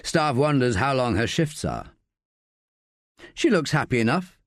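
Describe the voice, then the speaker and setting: A man narrating a crime audiobook in measured, scripted storytelling on a close studio mic. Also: medium pitch, no echo.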